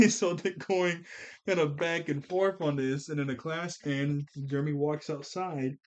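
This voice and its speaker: A man's voice: fairly high pitch, a little slow. A man giving a casual, rambling recap of a cartoon episode as a reviewer. He often corrects himself and laughs as he talks.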